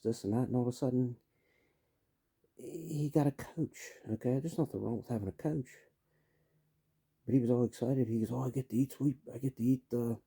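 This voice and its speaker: A man in his fifties talks in a loose, rambling rant, full of "you know" and "man". His low voice is gravelly and husky, with a very dark, mellow tone. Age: 50s. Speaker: vlogger. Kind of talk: casual rant to camera.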